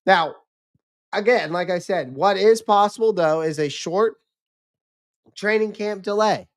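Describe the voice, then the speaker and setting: Male streamer, casual rambling commentary, slightly strained voice, smooth and clear tone. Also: high-pitched, measured pace. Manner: loose, rambling, with many restarts and fillers. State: losing his voice. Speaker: livestream host.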